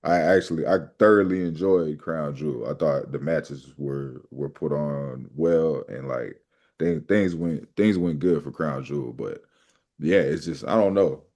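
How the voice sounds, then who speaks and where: A man with a low, mellow voice talks in a relaxed, loose way, full of fillers and trailing thoughts. He is a co-host of a casual wrestling review show. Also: a little slow. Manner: laid-back, hesitant, many fillers. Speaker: podcast co-host.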